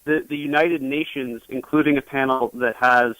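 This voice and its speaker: A young journalist speaks as a guest on an interview show, halting and restarting as he thinks. His voice sits in a middle range. The recording is dry and close. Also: mid-range voice, steady tone, a bit bright, no room sound, poor audio. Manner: hesitant, full of restarts. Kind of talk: interview conversation.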